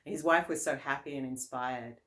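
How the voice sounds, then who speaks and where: Buddhist nun giving a relaxed dharma talk. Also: female voice, very deep voice, a little fast. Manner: casual, laughs often, many fillers and restarts.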